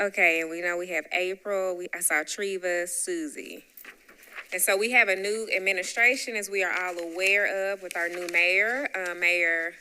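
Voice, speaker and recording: A woman's voice: lowish voice, steady tone, moderate pace, a little hiss or hum. A woman with a Southern US accent chairing a public council meeting, calling the roll and adding chatty, apologetic asides. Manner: warm, chatty asides between names.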